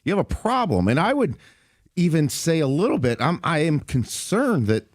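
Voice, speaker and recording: A man co-hosting sports talk radio, even-keeled and analytical, speaking into a studio microphone. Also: on the high side, moderate pace, no room sound.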